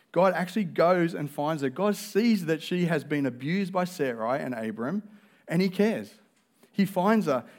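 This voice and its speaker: A male pastor, preaching a sermon in an earnest, conversational way. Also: a little high.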